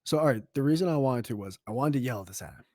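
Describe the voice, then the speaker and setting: A man's voice: medium pitch, lively intonation, fast, darkish tone, no room sound. A man talks on a casual podcast, winding through a long anecdote and swearing as he goes. His voice is close and dry, with no room sound. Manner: rambling storyteller, profane. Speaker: podcast co-host.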